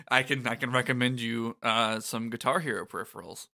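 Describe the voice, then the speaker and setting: A wry man co-hosting a podcast, with a bright, forceful edge to his voice. He reads story beats aloud and breaks in with jokes. His pitch is middle for a man. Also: fairly even intonation, normal speed, gravelly. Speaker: podcast co-host. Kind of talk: casual podcast chat recapping a game.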